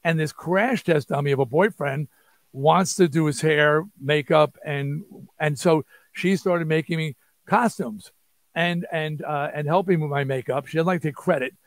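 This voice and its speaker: Gravelly older man telling a wild story. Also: fairly high pitch, normal speed, no room sound. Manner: rambling, restarts, acts out quotes. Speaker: interview guest, rock singer. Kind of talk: animated storytelling.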